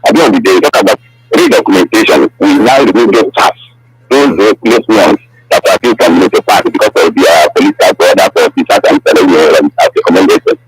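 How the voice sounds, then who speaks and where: A man's voice: sits low, huge pitch swings, a little fast, breathy edge, soft background music. A man calling a radio show, rambling through a list of proposals over a phone line. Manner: rambling, listing phrases. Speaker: caller. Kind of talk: call-in radio comment.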